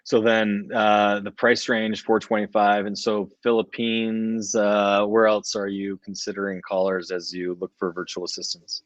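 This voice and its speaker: A very deep-voiced man hosting a casual business podcast, chatty and prone to repeating points and restarting his sentences. His voice is recorded dry and close. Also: monotone, a little slow, hardly any pauses, no room sound, muffled recording. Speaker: podcast host. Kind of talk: casual interview talk.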